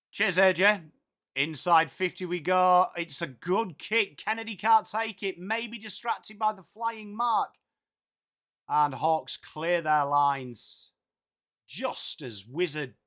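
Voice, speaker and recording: Commentating football on a live stream, this English host has a high-pitched, bright, forceful voice. He calls the action loosely, chats with his audience, reads out their comments, and swears without a second thought.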